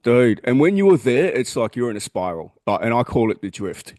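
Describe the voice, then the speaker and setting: A man's voice: medium pitch, big pitch swings, normal speed, a little mellow, no room sound, clean studio sound. An Australian man co-hosting a podcast, talking in a blunt, earnest way and swearing freely. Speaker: podcast co-host. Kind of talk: casual chat.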